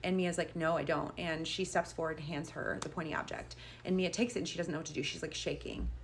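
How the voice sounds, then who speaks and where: A woman's voice: low-pitched, steady tone, fast talker, vocal fry, slight background noise. A young woman casually telling a storytime tale, chatty and full of "like" as she quotes each person. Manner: chatty, quoting people with "like".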